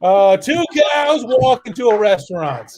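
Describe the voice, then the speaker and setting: Man shouting stand-up jokes, high voice. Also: lively intonation, a little slow, a little hiss or hum. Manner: loud shouted setups, acting out a frazzled maitre d'. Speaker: stand-up comic. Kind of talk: deadpan anti-joke stand-up, repeating a setup with rising energy. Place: Denver, at home on a video call.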